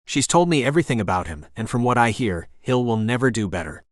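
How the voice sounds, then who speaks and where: A male audiobook narrator voicing a blunt, bossy young woman who keeps trying to break up a fight, with a sharp and impatient delivery. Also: mid-range voice, big pitch swings, fast, dry recording, studio quality, close to an everyday voice. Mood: exasperated. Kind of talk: audiobook character voice.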